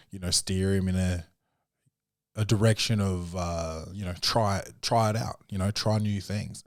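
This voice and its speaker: Aussie podcast guy, lowish voice, rambly and sweary, jumps way up high doing other people's voices, dry close mic. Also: no room sound. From Australia. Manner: rambling and profane, full of fillers and restarts; acts out quoted voices with sudden high pitch jumps. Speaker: podcast host. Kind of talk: casual solo film review chat.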